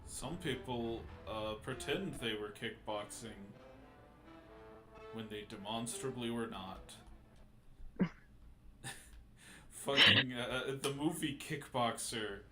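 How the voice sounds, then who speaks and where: A man's voice: mid-range voice, slow, pauses often, over music. A man chatting casually while playing a video game on stream, rambling with restarts, laughing and swearing. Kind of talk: casual gaming chat.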